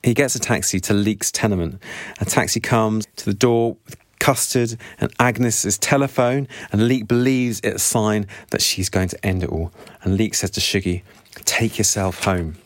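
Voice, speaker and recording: A man's voice: lowish voice, moderate pace, no room sound. A man summarizing a novel chapter by chapter, with earnest, sympathetic asides. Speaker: book reviewer. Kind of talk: book summary talk.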